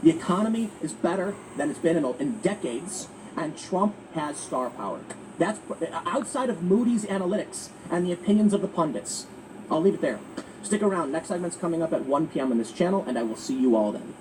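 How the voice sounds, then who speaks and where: A man hosting political commentary, talking in an emphatic, animated way with frequent restarts. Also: a little high, a little fast. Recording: distant mic with faint ambient noise.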